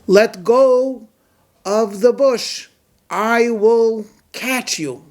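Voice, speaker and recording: A man voicing God as a calm, commanding voice that speaks in slow, emphatic lines. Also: very high-pitched, pitched above the performer's own voice, heavily acted.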